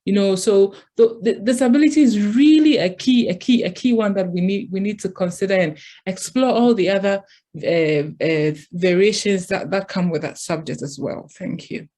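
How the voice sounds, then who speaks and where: Earnest woman panelist, mid pitch. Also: normal speed, dark tone. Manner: earnest, restarts often. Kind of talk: panel discussion.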